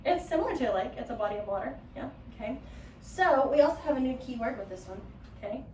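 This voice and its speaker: A woman's voice: fairly high pitch, lively intonation, fast, darkish tone, slight background noise. A woman teaching a phonics lesson to a small group, patiently prompting with questions and "okay?". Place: classroom. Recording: echoey classroom, mic far off.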